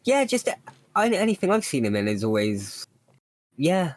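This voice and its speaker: A man co-hosting a podcast, chatting casually with quick joking asides and frequent laughs. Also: fairly high pitch, very animated. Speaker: podcast co-host. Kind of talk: casual comedic chat.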